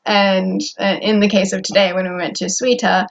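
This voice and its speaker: A woman's voice: medium pitch, level tone, normal speed, creaky. A young American woman talking casually to the camera about her days, rambling with fillers and restarts. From United States. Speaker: vlogger. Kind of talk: casual vlog talk to camera. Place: indoor room at home. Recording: slightly dull lo-fi audio.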